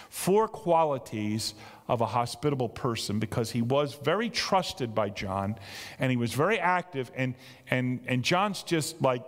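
A man preaching a sermon as pastor, talking in an animated, emphatic way that climbs to excited peaks. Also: mid-range voice. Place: large church hall. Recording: long church reverb.

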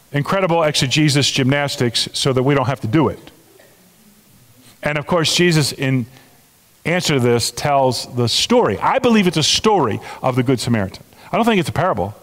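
An older male pastor preaching a conversational sermon, with frequent restarts and sudden rises and falls in pitch. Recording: long reverb of a large hall.

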